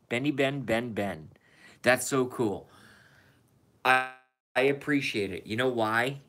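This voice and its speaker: A man's voice: mid-range voice, fairly bright tone. A man streaming a rambling, profane rant in a casual monologue, emphatic and cursing freely.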